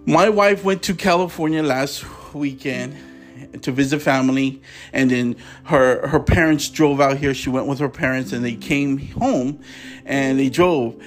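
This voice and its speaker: A man's voice: mid-range voice, measured pace, soft background music. A man hosting a preaching podcast, speaking with passion and stumbling a little when he reads scripture aloud.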